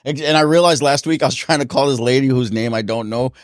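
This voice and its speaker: A man chats on a podcast and tells his stories with lots of laughter and energy. His voice sits at an ordinary pitch, and the sound is close and dry with no room around it. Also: fast talker, no echo. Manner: animated, laughing storyteller. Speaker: podcast host and boxing gym coach. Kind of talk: casual podcast chat.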